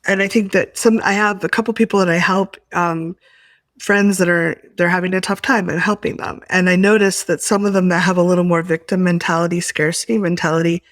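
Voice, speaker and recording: A woman speaking in a soft, reflective, halting way in a workshop, sharing her experience and calling out tapping points. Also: fairly low pitch, little pitch movement, dry recording, clean studio sound. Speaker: workshop participant.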